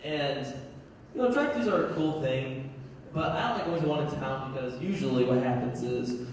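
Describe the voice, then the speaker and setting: Here a young man does a stand-up set at a moderate pace, his medium-pitched voice animated. He spins stories, imitates the people in them, and laughs at his own material, all picked up by a distant mic in a large, reverberant hall with faint noise.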